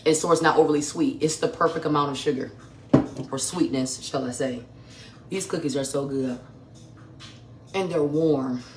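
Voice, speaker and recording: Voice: mid-range voice, normal speed, pauses often, very noisy. Hey y'all vibe, chatty vegan cooking host tasting on a live stream from the kitchen, echoey room. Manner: effusive, chatty, addresses viewers as y'all, talks with mouth full. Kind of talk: casual live-stream chat while tasting food. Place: home kitchen. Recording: echoey kitchen with faint music.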